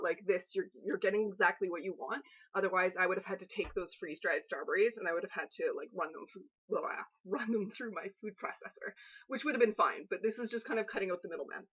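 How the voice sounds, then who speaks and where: Husky-voiced woman chatting on a baking stream. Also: medium pitch, a bit bright, dull audio. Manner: rambling, chatty, jokey asides to viewers. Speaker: host of a live cooking stream. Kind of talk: casual live-stream baking chat. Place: home kitchen in Canada.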